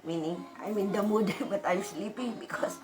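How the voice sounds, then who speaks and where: A woman vlogging in a casual, rambling chat to her viewers. She sounds sleepy, coughs now and then, keeps her voice deliberately low, and talks haltingly with frequent laughs and restarts. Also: low-quality recording.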